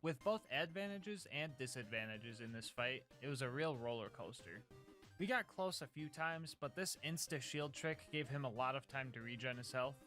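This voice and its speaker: A man's voice: medium pitch, lively intonation, moderate pace, sharp tone, soft background music. A man narrating a scripted gameplay recap of a challenge run in a jokey, upbeat, slangy way.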